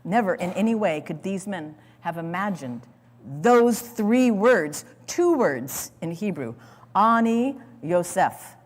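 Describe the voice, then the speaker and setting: A woman pastor preaching a sermon, retelling a story dramatically with sudden loud surges and hushed drops and restarting her words now and then. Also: mid-range voice, expressive, takes it slowly. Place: church sanctuary. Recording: long reverb of a church hall.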